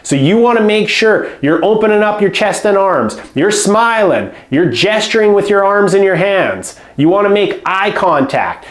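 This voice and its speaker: A man with a fairly high voice gives a firm business lesson, leaning on certain words for emphasis. The sound has a roomy echo around it. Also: big pitch swings, moderate pace, hardly any pauses. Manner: speaks up firmly, stresses words. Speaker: home care business coach. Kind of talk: instructional talk to camera.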